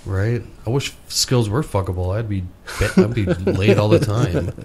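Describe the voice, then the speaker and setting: A man's voice: fairly low pitch, moderate pace, crowd noise. A young man trades jokes with a friend in loose podcast banter. He laughs often and swears freely, keeping the tone easygoing and irreverent. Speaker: podcast co-host. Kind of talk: casual chat.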